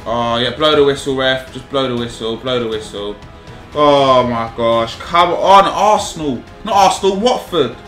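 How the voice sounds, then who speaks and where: A young man commentating live on his own football video game, animated, pleading and exasperated, full of slang. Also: mid-range voice, normal speed. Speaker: gaming YouTuber. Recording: echoey room with music behind.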